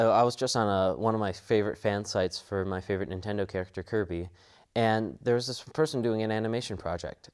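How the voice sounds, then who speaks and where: A young male voice actor talks casually in an interview, earnest and a bit rambling. His voice sits slightly low for a man. He restarts his thoughts as he goes. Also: clear, resonant tone. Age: young adult. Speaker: voice actor and student.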